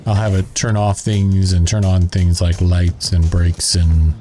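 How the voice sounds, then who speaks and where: A man's voice: low-pitched, level tone, measured pace, dark tone, faint music behind. A man with a Southern drawl chatting casually as he plays and narrates a building game, thinking aloud as he works. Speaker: gaming channel host.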